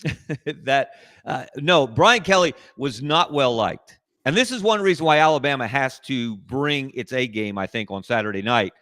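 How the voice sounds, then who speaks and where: A man guesting on a sports talk show, making measured, analytical points over a video call in a casual discussion. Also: mid-range voice, lively intonation, fairly bright tone, dry recording, clean studio sound.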